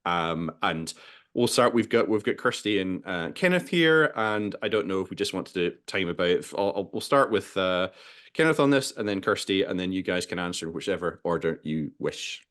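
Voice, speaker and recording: A man's voice: sits low, expressive, normal speed, fairly bright tone. A man hosting an archaeology podcast in a casual, enthusiastic way, often repeating words as he starts a sentence. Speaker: podcast host.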